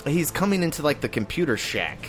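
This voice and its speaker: A laid-back man with a fairly high, very animated voice, chatting about a movie on a podcast and tossing in "dude" and "man." Faint music plays behind him. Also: fairly quick. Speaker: podcast co-host. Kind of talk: casual chat.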